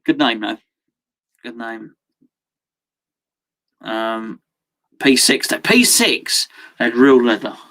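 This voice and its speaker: He speaks slowly and animatedly with long pauses, his medium-pitched voice pushed and bright. As host of a football watchalong stream, he chats with viewers, reads their messages, laughs often, and has abrupt outbursts.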